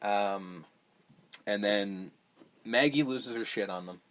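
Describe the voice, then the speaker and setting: A man's voice: on the low side, takes it slowly, fairly bright tone. A young man hosting a podcast, recapping a movie in a rambling, profane, offhand way. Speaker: podcast host. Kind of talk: casual movie recap chat.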